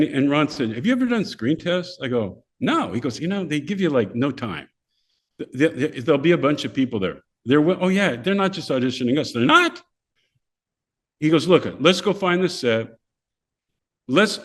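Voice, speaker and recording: An older man, a podcast guest, telling casual stories and acting out the voices of people in them. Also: a little high. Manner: animated, acts out voices of people in his stories. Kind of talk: casual storytelling.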